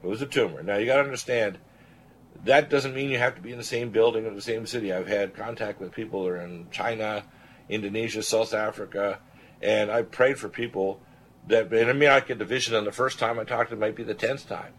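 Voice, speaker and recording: A man in his sixties, a physician and radio host, telling a personal story in an animated, rambling way, often clearing his throat. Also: on the low side, brisk, poor audio. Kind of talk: storytelling on a talk radio show.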